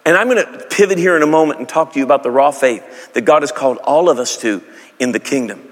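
A man's voice: mid-range voice, fast talker, big-room sound. A man preaching a sermon, telling a story with humor and acting out characters in silly voices. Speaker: pastor.

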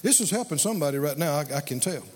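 A man's voice: fairly high pitch, animated, racing, a little mellow, long reverb tail. A man preaching a sermon, telling stories and leading call-and-response with his congregation.

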